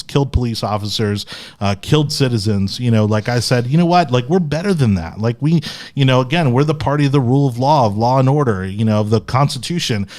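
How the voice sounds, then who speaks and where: A man hosting a casual political podcast, giving opinionated and impassioned commentary. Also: medium pitch. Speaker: podcast host.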